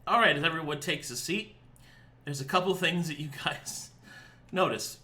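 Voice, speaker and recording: A man's voice: on the high side, normal speed, bright, forceful tone. A man running a tabletop game as dungeon master, narrating in a loose, giggly way full of filler words.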